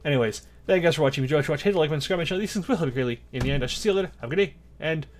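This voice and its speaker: A man's voice: a little high, rapid-fire, very noisy. A man commentating his own gameplay, chatty and out of breath, muttering orders and counting under his breath. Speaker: gaming YouTuber. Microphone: desk mic with face cam.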